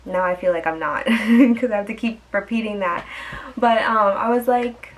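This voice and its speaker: A woman's voice: medium pitch, normal speed, a little hiss or hum, low-quality recording. A young woman vlogger telling a dating story in a chatty, exasperated way, full of fillers and asides. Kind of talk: storytime vlog.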